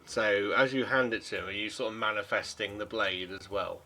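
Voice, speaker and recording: A man's voice: lowish voice, steady tone, brisk, sharp tone. A man running a tabletop game as game master, narrating in a rambling way and correcting himself as he goes.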